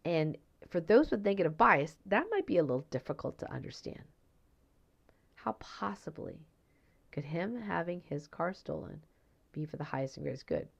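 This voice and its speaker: A woman's voice: fairly low pitch, moderate pace, gravelly, muffled recording. A woman hosting a solo podcast about energy healing, talking conversationally with tag questions and acting out the people in her stories. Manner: animated storytelling, acts out quoted voices. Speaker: podcast host and energy healer.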